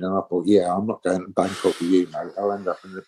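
Guy in his 60s, lowish voice, rambling stories, does the voices of people he quotes. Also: level tone, fast, a little mellow, a little hiss or hum. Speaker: musician guest. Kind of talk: casual interview storytelling.

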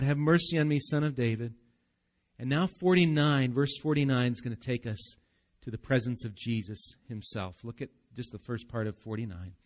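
Animated man preaching a sermon. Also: mid-range voice. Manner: animated preaching, acting out crowd and beggar, dropping soft for emphasis. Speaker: pastor. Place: church, live service.

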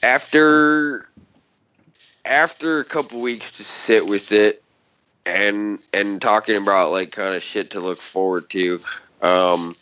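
A man's voice: on the low side, slow, sharp tone, clear, resonant tone. A man chatting casually on a podcast, telling a rambling story full of swearing and sarcasm. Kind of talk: casual chat. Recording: dull lo-fi sound.

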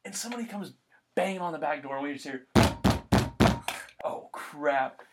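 A man's voice: on the high side, normal speed, very noisy. A young man, hosting a casual chat and telling stories with lots of acted-out quotes. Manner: animated storyteller, acts out quotes.

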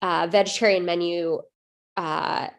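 A woman co-hosting a podcast, telling a story in loose, animated chat. She leans on fillers and restarts as she talks. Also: on the low side, measured pace, vocal fry. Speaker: podcast co-host. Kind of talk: casual chat.

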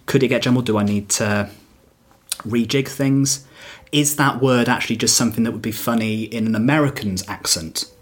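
A man's voice: mid-range voice, moderate pace, husky. A male stand-up comedian in casual podcast chat, talking reflectively with fillers and restarts.

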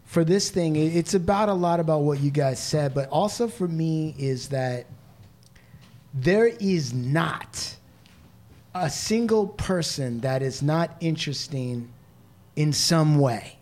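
High-voiced, reflective podcast host man. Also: lively intonation, slow, darkish tone. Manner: reflective, keeps adding "right?". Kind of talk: casual podcast conversation.

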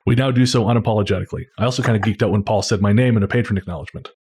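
A man with a low-pitched voice reads listener mail on a podcast. His tone is husky and a little breathy. He talks in a relaxed, unhurried way and stumbles through his phrases with plenty of fillers. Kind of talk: casual chat.

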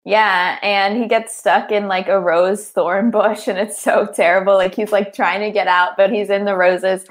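A woman's voice: medium pitch, flat delivery, normal speed, hardly any pauses. Chatty young woman co-hosting a podcast. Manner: chatty and giggly, many fillers. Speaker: podcast co-host. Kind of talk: casual movie recap chat.

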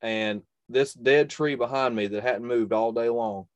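A young man recounts a story in conversation, earnest and emphatic, leaning on repeated phrases to drive each point home. His voice sits at an ordinary middle pitch. The recording is close and dry, with no room sound. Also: measured pace, dry recording. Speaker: hunter and video creator, guest. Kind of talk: telling a personal story in a conversation.

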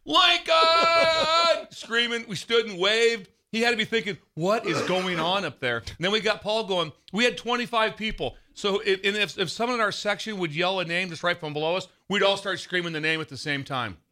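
A middle-aged man hosting a casual talk show, telling a story in an animated, excitable way. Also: high voice, fairly quick, few pauses. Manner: animated, excitable storyteller who shouts quoted lines. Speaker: radio show host.

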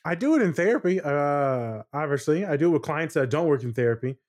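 A man's voice: on the high side, lively intonation, brisk, darkish tone, dry recording, clean studio sound. A man, a therapist, chatting casually on a podcast, laid-back and swearing, explaining with acted-out examples.

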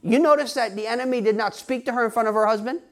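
A man's voice: very high voice, fast, fairly bright tone. A male pastor preaching a sermon, speaking emphatically to his congregation, often asking them questions and laughing now and then. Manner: talks straight to the congregation, asks questions.

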